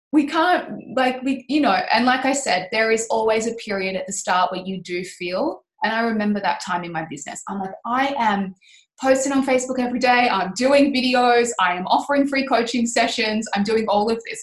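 A woman with a fairly high voice talks through her ideas with passion and emphasis, candid and now and then swearing. Her voice rings in an echoey room. It sounds like a casual podcast chat. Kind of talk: casual podcast chat about business and mindset.

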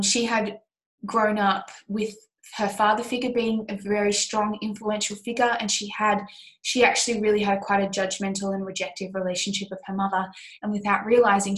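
A woman healing coach teaching an online course, talking through a client's story in a soft, earnest way with many pauses and restarts. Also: mid-range voice, rough recording. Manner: soft, earnest, rambling with frequent fillers and restarts.

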